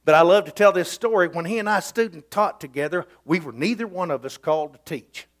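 A man's voice: sits high, a little fast. A middle-aged man preaching a sermon in a folksy, emphatic storytelling way.

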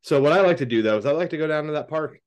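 A man co-hosting a podcast, chatting casually and telling stories, swearing freely and loudly acting out quoted lines. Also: on the high side, animated, rapid-fire. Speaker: podcast co-host. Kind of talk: casual chat, storytelling.

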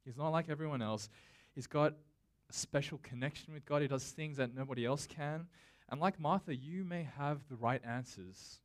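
A man's voice: a little high, moderate pace. Man preaching a casual, conversational sermon. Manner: speaks directly to the congregation. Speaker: pastor.

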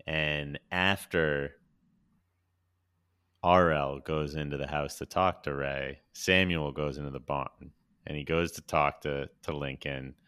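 A man with an extremely deep, low-sitting voice recaps favorite scenes in an easygoing podcast chat. He laughs often and swears freely, with a relaxed, loose delivery. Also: takes it slowly, smooth. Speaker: podcast co-host. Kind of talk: casual chat.

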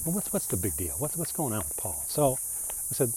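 A man talks in a loose, rambling monologue, recorded outdoors on a walk. His voice sits at a middle pitch, and a faint hiss runs underneath. He keeps breaking into mocking put-on voices to quote others. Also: very animated, normal speed, dark tone. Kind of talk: casual monologue on reading the Bible.

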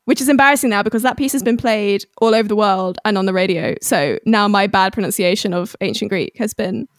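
A woman's voice: medium pitch, brisk, no room sound, clean studio sound. A woman composer chatting casually on a podcast, rambling and self-deprecating with plenty of fillers, recorded on a mic with a pop shield. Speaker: composer guest. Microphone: studio mic with pop shield.

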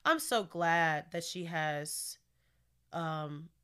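Bright-voiced chatty woman podcast host. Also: low-pitched, extremely slow, clear, resonant tone. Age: young adult. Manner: chatty, opinionated, uses fillers like "you know" and "like". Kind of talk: casual solo podcast commentary.

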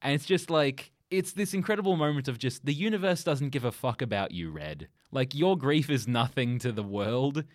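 A man's voice: mid-range voice, moderate pace, hardly any pauses, no echo. Young man, podcast co-host, casual film review, laughs often, dry close sound. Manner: laughs often, animated storytelling.

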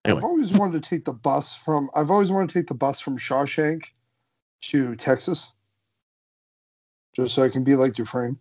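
A man's voice: on the high side, moderate pace, long pauses, darkish tone, husky. A man co-hosting a podcast in casual chat, teasing his partner with amusement. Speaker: podcast co-host.

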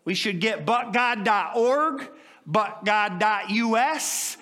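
A man preaching a sermon as pastor, with impassioned swells in pitch and volume. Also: expressive, slow, sharp tone.

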